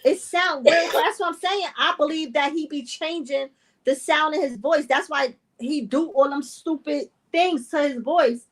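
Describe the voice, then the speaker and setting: High-voiced woman in casual chat. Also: unhurried. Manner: animated, repeats points for emphasis. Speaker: podcast co-host.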